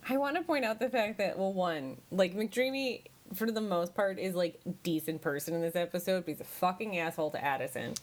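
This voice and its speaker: A woman's voice: on the low side, a little fast, hardly any pauses. A married woman co-hosting a casual podcast chat, rambling with lots of fillers. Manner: chatty, many fillers like "like". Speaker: podcast co-host.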